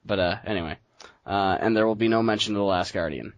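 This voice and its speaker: A man's voice: lowish voice, fast, no room sound, muffled recording. A young man co-hosting a podcast on a headset, laid-back, laughing often and steering the talk back on topic. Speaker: podcast co-host. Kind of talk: casual chat.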